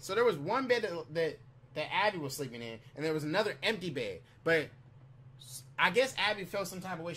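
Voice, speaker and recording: A man's voice: a little high, a little hiss or hum. A man casually telling a long, profane story as a vlogger, rambling with restarts and repeated "you know what I'm saying". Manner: animated retelling with quick restarts.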